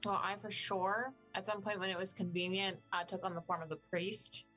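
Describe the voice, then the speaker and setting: A woman's voice: medium pitch, fairly even intonation, normal speed, pushed and bright, faint music behind, rough recording. A woman player describing her moves, chatty with many fillers. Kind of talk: casual tabletop play.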